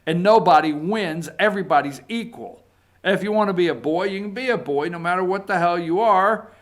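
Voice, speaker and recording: A man's voice: sits high, brisk. A man with a Southern US accent hosting a casual political talk show, reading posts aloud in a folksy, sarcastic way. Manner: folksy, sarcastic, animated when reading quotes. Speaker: political commentary host.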